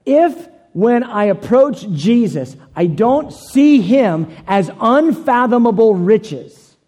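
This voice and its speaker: A man's voice: high voice, sing-song, slow pace, darkish tone, long reverb tail. A man preaching a sermon, telling a personal story in an earnest way, often repeating and restarting phrases.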